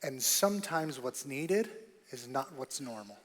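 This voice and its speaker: A man preaching a sermon as pastor, emphatic and repetitive, rising to loud bursts on key points. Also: mid-range voice, lively intonation, a little slow, in a large hall. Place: church auditorium.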